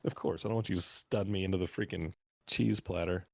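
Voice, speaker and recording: A man on a podcast as a guest, telling animated stories in a casual interview. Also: low voice, fairly quick, creaky, no echo. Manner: animated anecdotal storyteller.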